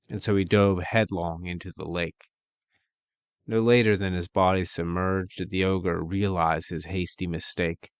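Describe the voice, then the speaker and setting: A man narrating a dark fantasy story in a measured, dramatic way with archaic phrasing. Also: low voice, creaky, no room sound.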